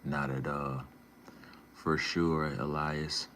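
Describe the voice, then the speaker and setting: A man's voice: a bass voice, flat delivery, slow, vocal fry, fairly bright tone, a little hiss or hum. A man casually reading and answering his live chat, laid-back and slangy, calling viewers man and bro.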